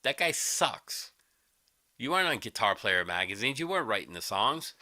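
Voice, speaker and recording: A man ranting on his livestream, combative and sarcastic, with constant swearing. His pitch leaps up and down, and his voice is bright and cutting. The sound is dry and close to the mic. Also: big pitch swings, normal speed, dry recording. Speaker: livestream host. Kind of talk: angry profane rant.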